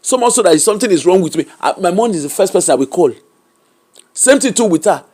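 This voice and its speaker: A woman with a Nigerian accent, an interview guest telling a personal story candidly, animated and emphatic, slipping Pidgin and Yoruba into her English. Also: on the low side, fast talker, slightly rough.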